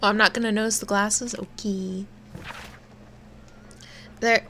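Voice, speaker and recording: A woman's voice: medium pitch, level tone, measured pace, sharp tone. A young woman gives casual game commentary, reading on-screen text aloud in a chatty way. She swears offhandedly and stumbles over long words, and a faint hiss sits behind her voice. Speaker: game streamer.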